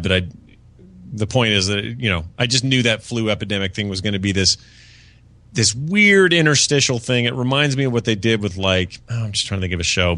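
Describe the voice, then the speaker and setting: A man with a lowish, pushed, bright voice co-hosts a podcast, rambling through a casual review of a TV season with lots of fillers and restarts. It's captured dry on a podcast studio mic.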